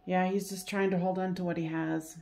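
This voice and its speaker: In a solo reading as a psychic medium, a woman speaks in a lowish, mellow voice with little pitch movement, hesitating and repeating phrases while soothing and coaxing.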